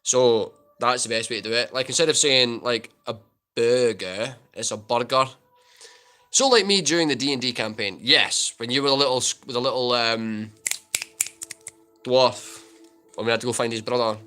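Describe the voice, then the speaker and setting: A man's voice: medium pitch, moderate pace, bright, forceful tone, soft background music. A Scottish man in his twenties hosting a casual livestream Q&A, joking and chatting as he answers viewers' comments. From Scotland. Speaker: livestream host answering chat.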